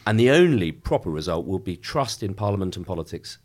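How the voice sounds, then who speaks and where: A middle-aged man, a member of Parliament, giving a measured, emphatic political interview with frequent restarts. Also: sits low, very animated, darkish tone.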